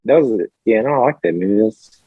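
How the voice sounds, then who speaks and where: A man's voice: on the low side, fast talker, slightly rough, dry recording, phone-quality sound. A young man with a New Zealand accent, a podcast guest telling a story in casual chat and laughing often. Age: young adult.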